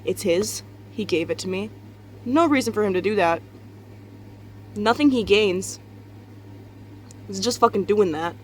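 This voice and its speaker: A woman's voice: medium pitch, unhurried, pauses often, slight background noise. A young woman, tired and just out of bed, rambling candidly in a casual confessional vlog from her bedroom, swearing and laughing often. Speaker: vlogger. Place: bedroom at home.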